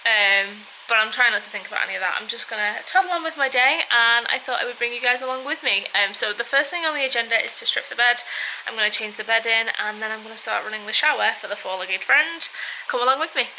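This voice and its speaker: Chatty young woman, bright voice. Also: a little high, quick pace, slight background noise, low-quality recording. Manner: anxious, chatty, talking to camera. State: out of breath. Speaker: vlogger. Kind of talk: casual day-in-the-life vlog. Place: at home, indoors. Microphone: handheld camera.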